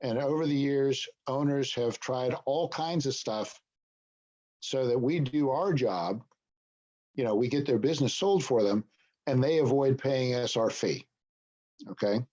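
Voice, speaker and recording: A man's voice: mid-range voice, a little slow, a little mellow, highs cut off. A man leading a business broker training, explaining points and checking in with "okay?". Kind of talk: training session talk.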